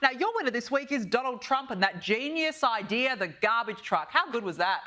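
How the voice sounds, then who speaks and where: A woman's voice: a little high, lively intonation, normal speed, pushed and bright. A woman hosting a television panel chat, chatty and agreeable. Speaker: TV talk show host.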